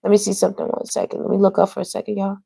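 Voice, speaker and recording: A woman's voice: medium pitch, completely flat delivery, very fast, vocal fry, warm tone, husky. A woman doing a casual online tarot reading, chatty and playful, who laughs often and talks straight to her viewers. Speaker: tarot reader.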